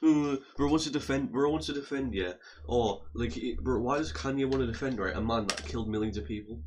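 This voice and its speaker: A man's voice: mid-range voice, a little fast, a little mellow, a little hiss or hum, rough recording. A young man, ranting casually in a heated way, swearing and repeating himself as he stumbles over his words.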